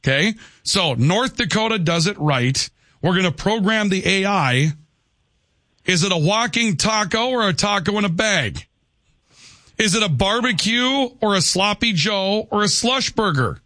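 A man's voice: sits high, lively intonation, a little slow, pushed and bright, no echo, studio quality. A man hosting a call-in radio talk show, talking conversationally and often tossing in "okay". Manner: conversational, peppers lines with "okay". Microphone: studio microphone.

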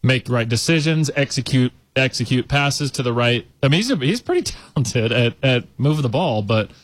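A man's voice: medium pitch, lively intonation, moderate pace, dry recording. A man co-hosting a sports radio show, breaking down basketball tactics in a thoughtful, hedging way. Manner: thoughtful, hedging, talks through ideas. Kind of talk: casual sports radio analysis.

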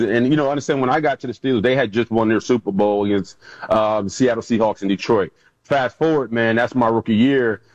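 Animated man telling stories over a dull line. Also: medium pitch, no room sound. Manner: animated storyteller who acts out quotes. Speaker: guest, former football player. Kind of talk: casual storytelling interview.

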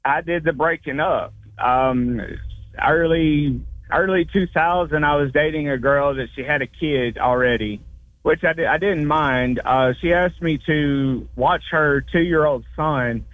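A male caller on a tinny phone line tells his story with plain exasperation. His voice is a bit high for a man, and the sound is dry and narrow. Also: measured pace, no room sound. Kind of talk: telling a story on a call-in show.

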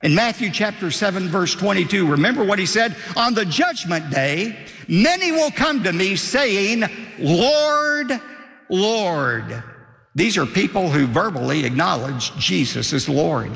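A man's voice: high voice, animated, a little slow, gravelly, fairly bright tone. An older man pastor delivering an emphatic sermon, lifting his voice when quoting scripture. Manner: emphatic preaching, rising for quotes. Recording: long hall reverb.

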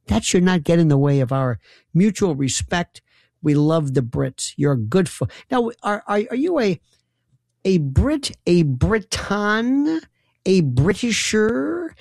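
Gravelly teasing radio talk host man. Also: sits high, a little mellow, dry recording, clean studio sound. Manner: teasing, mock-bewildered, rambling. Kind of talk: bantering call-in radio talk.

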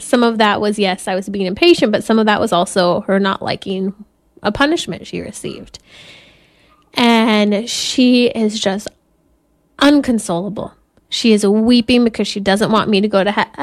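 A woman in her thirties, a Catholic mother hosting a faith talk, telling family stories earnestly and laughing now and then. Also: medium pitch. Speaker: Catholic podcast host and mother.

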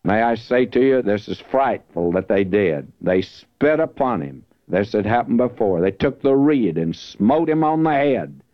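Male preacher, low voice, earnest Bible teaching, dry muffled lo-fi tape. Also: lively intonation, unhurried, no echo. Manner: earnest, emphatic, lifts his voice when reading scripture. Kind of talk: verse-by-verse Bible teaching sermon. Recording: dull lo-fi dry recording.

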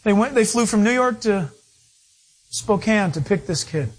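High-voiced husky man preaching with stories. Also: unhurried. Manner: storytelling, animated, playful asides. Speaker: pastor. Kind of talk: sermon.

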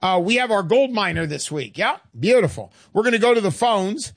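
A man's voice: high-pitched, expressive, fairly quick, vocal fry, dry recording, clean studio sound. Brash hard-selling male radio host. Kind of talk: pushy sales pitch radio talk.

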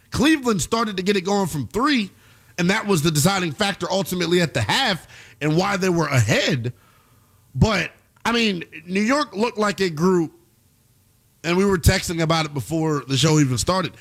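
Animated man giving heated basketball commentary. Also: sits high. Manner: emphatic, swings between loud outbursts and fast asides. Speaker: basketball show host.

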